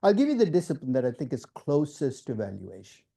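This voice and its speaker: A man giving a classroom lecture as a professor, lively and emphatic, talking directly to students and asking them questions. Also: mid-range voice, a little fast, gravelly. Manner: lively, emphatic, conversational teaching with rhetorical questions.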